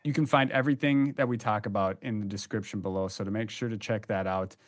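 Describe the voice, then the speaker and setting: A man's voice: on the low side, steady tone, quick pace. A young man co-hosting a casual podcast, talking loosely with plenty of ums and restarts. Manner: chatty, loose, many fillers. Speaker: podcast co-host.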